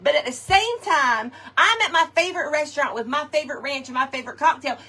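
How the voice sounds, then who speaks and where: A woman telling a funny personal story to her viewers in a chatty, animated way, tossing in "y'all" and "okay" often. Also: high voice, fast talker. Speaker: craft shop host.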